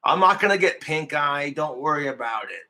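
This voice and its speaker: A man's voice: fairly high pitch, expressive, moderate pace, pushed and bright. A man streamer delivering a crude, combative comedic rant full of swearing.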